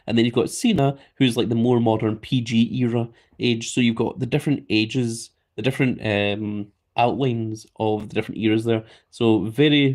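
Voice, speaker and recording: A man's voice: medium pitch, a little mellow. A Scottish man live streaming in a casual way, reading viewer comments aloud and chatting back. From Scotland.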